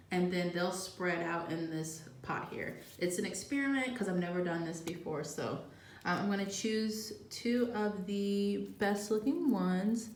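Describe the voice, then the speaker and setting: A woman hosting a gardening channel, chatting casually in her home kitchen and thinking aloud as she works. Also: medium pitch. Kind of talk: casual how-to chat. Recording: echoey room with faint background noise.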